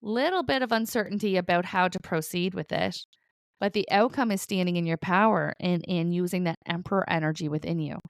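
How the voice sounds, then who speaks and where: With a fairly low, creaky voice and a slightly fast pace, a middle-aged woman who works as a psychic medium offers viewers casual weekly spiritual guidance, recorded without echo. She reassures them warmly, chuckles lightly between points, and often asks "okay?" or "right?"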